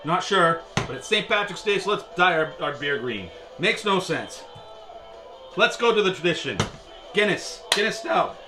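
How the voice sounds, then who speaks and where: Joking beer review guy, bright voice, faint music behind him. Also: high-pitched, sing-song, moderate pace. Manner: chatty, joking, with frequent filler; wry and sarcastic. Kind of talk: casual video review.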